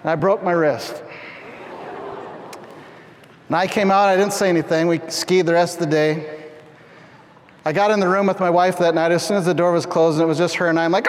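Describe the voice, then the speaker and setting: A middle-aged man from Canada preaching a storytelling sermon, animated and acting out scenes with sudden loud shouts. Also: sits high, brisk, a little hiss or hum. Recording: long hall reverb.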